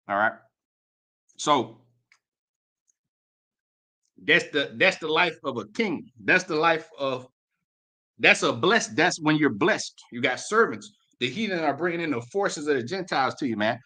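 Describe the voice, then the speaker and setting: Slangy bright-voiced man preaching scripture. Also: on the high side, lively intonation, moderate pace, long pauses. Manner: slangy and emphatic, mixing profanity with King James reading. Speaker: street preacher. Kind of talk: scripture reading with commentary.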